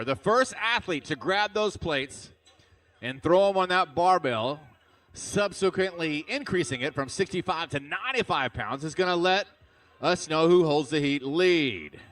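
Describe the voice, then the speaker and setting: A man's voice: high-pitched, a bit bright. A man announcing a live arena fitness competition, hyped and cheering the athletes on. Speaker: event announcer. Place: large indoor arena.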